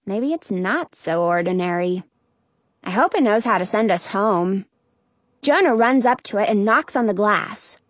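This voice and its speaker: A woman narrating a first-person children's storybook in an expressive, playful way. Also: fairly high pitch, dry recording. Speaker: audiobook narrator.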